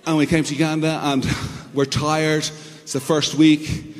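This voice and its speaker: A man preaching a sermon as pastor, telling stories in an animated way with sound effects and imitations. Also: fairly high pitch, a little slow, long reverb tail.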